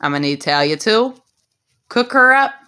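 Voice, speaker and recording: Lady doing a bossy jealous queen, sassy orders, bright sharp tone. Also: a little high, very animated, a little fast, smooth, voice pushed up. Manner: sassy, commanding.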